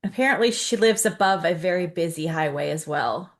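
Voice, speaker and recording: A woman's voice: on the low side, expressive, fairly quick. A woman co-hosting a podcast, adding dry sarcastic remarks in casual chat. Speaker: podcast co-host.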